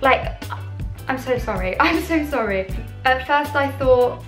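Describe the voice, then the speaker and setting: A young British YouTuber speaks in a high, lively voice at a slow pace, bubbly and self-deprecating as she reacts to viewer confessions on her vlog. The room is echoey, with faint music in the background.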